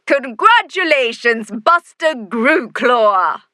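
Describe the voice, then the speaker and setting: A woman voicing a proud female wolf who is mayor of the town, announcing loudly and ceremonially in a storybook reading. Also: a little high, animated, takes it slowly, no room sound, clean studio sound, full character voice.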